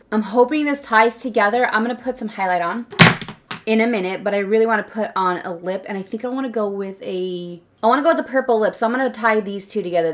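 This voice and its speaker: Young woman beauty vlogger, chatty and rambling, mid-range voice, casual tutorial talk. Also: mid-range voice. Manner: chatty, rambling, says "like" often. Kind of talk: casual makeup tutorial chat.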